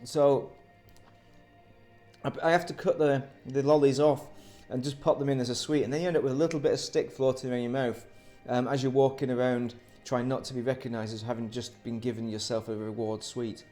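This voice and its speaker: A man's voice: mid-range voice, fairly even intonation, a little fast, dark tone, soft background music. A man casually reviewing a sweet on camera, rambling and self-interrupting, with dry, sardonic asides.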